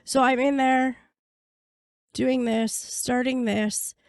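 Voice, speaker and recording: Blunt, hoarse woman telling her story. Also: sits high, steady tone, slow, no echo, clean studio sound. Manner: blunt, swears freely, acts out quotes. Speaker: podcast guest, prisoner advocate. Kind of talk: candid storytelling interview.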